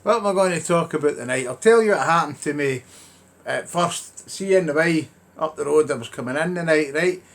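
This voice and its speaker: A man's voice: on the high side, a little fast. A man telling sweary comic stories to his own camera at home, acting out the voices of the people in them. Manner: storytelling, sweary, acts out voices in quotes. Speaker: comedian. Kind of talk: stand-up monologue to camera.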